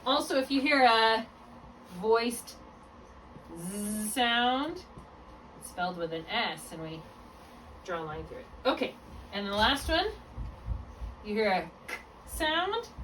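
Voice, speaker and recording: A woman tutoring one-on-one in a phonics lesson, patient and encouraging, slowly spelling out letters and sounds. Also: a little high, a bit bright. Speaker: reading tutor. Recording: distant mic with clear background hum.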